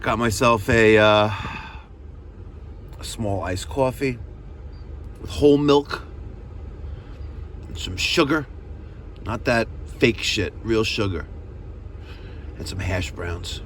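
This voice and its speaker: A man's voice: fairly low pitch, slow, pauses often, fairly bright tone, a little hiss or hum. A man, a heating technician from New York, ranting profanely while he drives to a service call, recorded in his car. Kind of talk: driving vlog rant. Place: in a car, driving.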